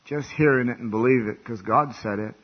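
A male preacher delivering a revival sermon, swinging from hushed, quiet lines to loud, fervent outbursts. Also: medium pitch, brisk, husky. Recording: dull lo-fi recording.

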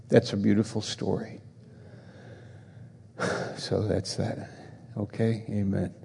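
A man preaching a sermon in a slow, earnest way, rising in pitch for emphasis, and leading a prayer. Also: flat delivery, creaky, dark tone, husky, in a large hall.

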